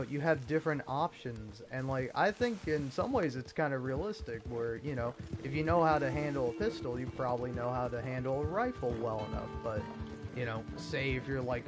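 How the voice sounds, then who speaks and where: A man gives loose, casual commentary over gameplay, stumbling through filler words as he thinks aloud. His voice sits at an ordinary middle pitch. Game music plays clearly behind him, with horse hooves clip-clopping. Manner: rambling, hesitant, lots of filler words. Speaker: gaming video host.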